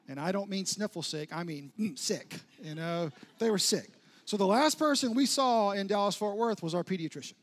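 A pastor telling a humorous, self-mocking personal story during a sermon, acting out his own past words. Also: a little high.

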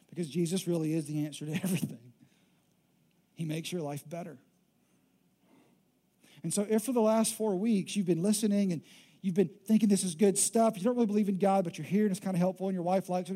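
Emphatic pastor man with a high voice. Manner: emphatic, swings from loud to hushed. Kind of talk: sermon.

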